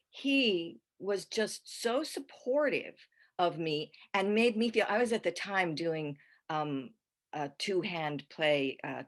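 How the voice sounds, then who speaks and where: An older woman with a notably low-pitched voice talks as a podcast guest. Her casual chat rambles, with frequent restarts and easy laughter between stories. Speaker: guest actress.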